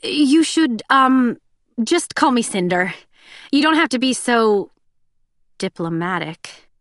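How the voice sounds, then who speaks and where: A guarded teenage girl mechanic who stumbles over her words, flustered and hurried, as a woman reads her aloud. The reading is pitched a little higher than the narration and sits dry and close, with no room sound. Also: animated, dry recording. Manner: hesitant, rushed.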